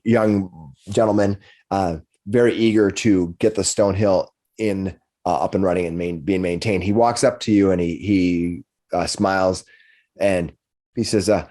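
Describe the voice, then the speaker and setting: A man narrating a tabletop game as game master, halting and restarting often. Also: low-pitched, fairly even intonation, mellow. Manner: halting, with many restarts and fillers.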